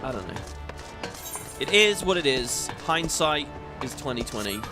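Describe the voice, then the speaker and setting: Chatty man with lively pitch. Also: unhurried. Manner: chatty, rambling, stops to laugh. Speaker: gaming video host. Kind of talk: casual let's-play commentary. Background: game music.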